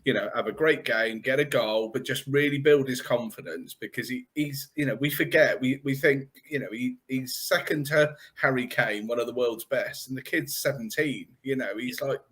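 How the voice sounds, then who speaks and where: A man calling in as a guest on a fan show, relaxed and hesitant, often restarting his sentences. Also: mid-range voice, normal speed, hardly any pauses. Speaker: guest caller. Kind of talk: casual chat.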